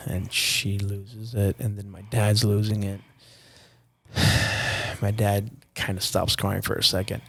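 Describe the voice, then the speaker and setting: A man's voice: fairly low pitch, creaky, breathy edge, dry recording. A young man from Nicaragua, a podcast guest telling a personal story in a candid, profane, casual way. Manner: candid and profane, addresses host as dude and bro.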